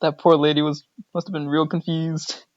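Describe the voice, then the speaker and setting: A man's voice: fairly high pitch, flat delivery, moderate pace, dry recording, highs cut off. A man co-hosting a podcast, telling a childhood story in a casual chat and laughing often as he goes. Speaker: podcast co-host.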